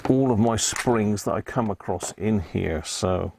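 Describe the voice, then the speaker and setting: A man with a gravelly, somewhat low voice talks casually through a live stream as he works on an old radio. He mutters and thinks out loud between tasks, in a relaxed workshop chat. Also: measured pace, a little hiss or hum. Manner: muttering, thinking aloud while working. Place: home workshop.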